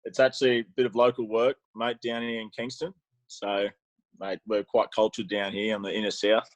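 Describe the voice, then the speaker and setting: A man's voice: fairly low pitch, little pitch movement, moderate pace, dry recording. A man in his thirties with an Australian accent, chatting as a guest on a video call in a laid-back, reflective way. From Queensland, Australia. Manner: laid-back, says mate often, reflective. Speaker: guest rugby player. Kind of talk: casual video call chat.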